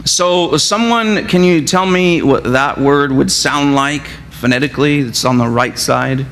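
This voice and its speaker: A man preaching a sermon as pastor. He keeps asking his congregation questions in a lively back-and-forth. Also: fairly high pitch, a little slow, big-room sound, a little hiss or hum. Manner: animated, asks the congregation questions. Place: church sanctuary.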